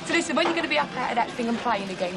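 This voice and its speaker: A woman's voice: fairly high pitch, animated, racing. An actress playing a brash, teasing young woman, recorded in a busy club. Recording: loud music and crowd.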